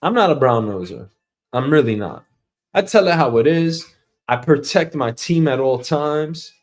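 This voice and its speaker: A man's voice: on the high side, expressive, a little slow. A man hosting his own show, ranting profanely and animatedly about his boss and acting out office conversations. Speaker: show host. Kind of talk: comedic rant.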